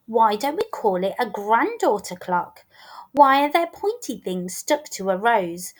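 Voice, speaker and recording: A woman teacher reading a rhyming picture book aloud with a rhythmic, expressive delivery. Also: on the high side, unhurried. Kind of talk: storybook read-aloud.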